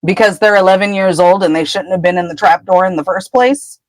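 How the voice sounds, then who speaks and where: Woman co-host, lowish and dry, chatty recap storyteller who acts out quotes. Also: fairly quick, no echo, poor audio. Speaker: podcast co-host. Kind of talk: casual book chapter recap.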